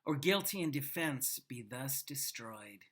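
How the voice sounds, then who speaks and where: A woman reading a stern warrior king's threat to a besieged town, declaiming slowly and with menace. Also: rumbling low, lively intonation, pitched below the performer's own voice. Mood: menacing.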